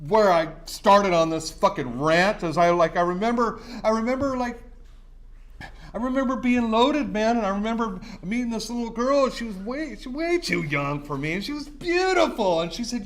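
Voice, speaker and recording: A man's voice: high voice, a bit bright. A middle-aged man, sharing his recovery story at a meeting in an intense, profane, repetitive way. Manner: intense, profane, repeats himself. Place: recovery center meeting room.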